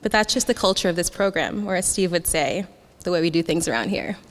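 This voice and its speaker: A woman's voice: fairly low pitch, a little fast. A young woman giving a heartfelt graduation speech, laughing often and getting emotional as she thanks her classmates. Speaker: graduating student speaker. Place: graduation ceremony hall. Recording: long hall reverb.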